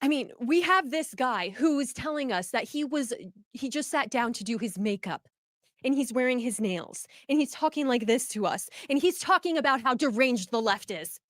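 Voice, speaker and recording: A woman's voice: fairly high pitch, animated, normal speed, dry recording, clean studio sound. A woman co-hosting a stream, commenting on clips in a sarcastic, dismissive way. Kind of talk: casual reaction commentary.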